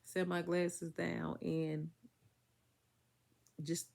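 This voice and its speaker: Woman, gravelly voice, chatty, emphatic storytelling, recovering from illness. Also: on the low side, fairly even intonation, normal speed, darkish tone. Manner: chatty, emphatic, Southern US vernacular speech. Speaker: vlogger. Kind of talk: casual storytelling to viewers.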